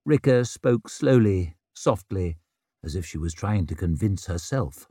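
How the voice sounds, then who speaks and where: A man narrating an audiobook in an expressive, wry storytelling manner. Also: low-pitched, measured pace, breathy edge, dry recording, clean studio sound. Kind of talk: scripted narration.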